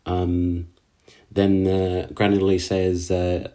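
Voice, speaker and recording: A man casually recapping an anime episode, halting with lots of fillers and slangy asides. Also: low voice, fairly even intonation, dark tone. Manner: halting, filler-heavy, slangy, laughs at own jokes.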